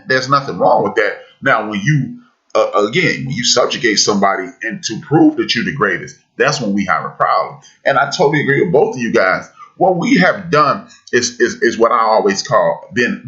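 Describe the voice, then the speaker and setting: Emphatic, bright-voiced man hosting a podcast. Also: on the low side, very animated, normal speed, dull audio. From United States. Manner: emphatic, preacherly, building to loud peaks. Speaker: podcast host. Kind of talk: impassioned podcast discussion.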